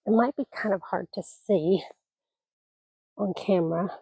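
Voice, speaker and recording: A woman's voice: mid-range voice, a little slow, vocal fry, warm tone, husky, no echo. Retired woman, 60s, a homestead vlogger: rambling, folksy chatter into a phone outdoors, slightly scratchy voice, dry close sound. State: scratchy voice from allergies. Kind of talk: casual vlog chat. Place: outdoors on a mountain homestead porch and garden. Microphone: phone camera.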